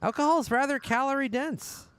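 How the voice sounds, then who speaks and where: A man's voice: very high voice, a little fast, slight background noise. A man chatting casually and profanely while playing a game, with a loose, talkative manner. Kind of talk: casual chat while gaming.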